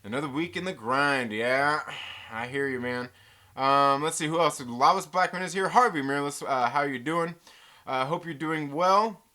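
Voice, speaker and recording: A man's voice: on the high side, moderate pace, bright, forceful tone. A man hosting a casual live stream from home, chatting and reading out viewer messages with a loose, joking manner. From American West Coast. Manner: chatty, reads out viewer messages and jokes around.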